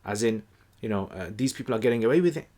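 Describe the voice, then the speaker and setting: A man giving a casual explanatory lesson, conversational and relaxed, with many fillers and restarts. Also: lowish voice, fast. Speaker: Quran teacher.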